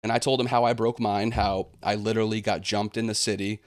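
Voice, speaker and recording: A young man with a lowish voice rants straight into the mic, aggrieved and indignant. The sound is close and dry, with no room around it. He often drops into sarcastic put-on quotes of the people he complains about. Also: little pitch movement, brisk, no room sound. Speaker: gaming channel host. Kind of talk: ranting vlog monologue.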